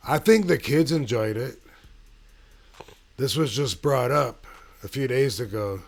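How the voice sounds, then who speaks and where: Slow, gravelly man telling a story. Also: medium pitch, expressive, faint music behind. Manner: unhurried, laid-back, with frequent pauses and fillers. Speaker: channel host. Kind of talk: casual personal storytelling.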